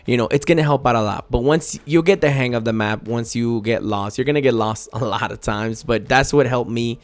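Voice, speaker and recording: Man, gaming channel host, casual tutorial commentary, chatty, self-correcting, step-by-step, mid-pitched voice. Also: a little fast.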